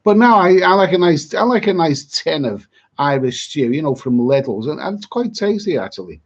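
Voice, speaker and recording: Husky man chatting on a lo-fi stream. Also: fairly high pitch, very animated, moderate pace. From Britain. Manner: chatty, rambling, repeats his words, stumbles and restarts. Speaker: travel vlogger hosting a live chat. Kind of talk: live-stream chat, reading viewer comments.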